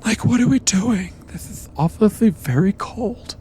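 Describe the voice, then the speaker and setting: A man's voice: high voice, animated, measured pace, dark tone, slight background noise, pitched above the performer's own voice. A man voicing a fussy, whiny male dog companion who hesitates and then gushes. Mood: nervous.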